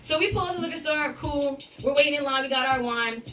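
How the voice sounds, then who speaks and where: A young woman on a radio show, telling a story in a lively, profane, vivid way. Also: high-pitched, fast talker, soft background music. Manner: animated, profane, vivid retelling. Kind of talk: casual storytelling chat. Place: radio studio. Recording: voice distant from the mic.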